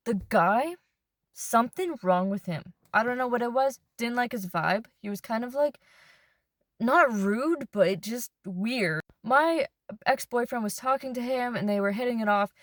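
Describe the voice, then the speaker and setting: A woman's voice: a little high, unhurried, no echo, studio quality. A woman vlogger telling a casual storytime in a car, chatty and peppered with "like.". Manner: chatty, fills speech with "like". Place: inside a car.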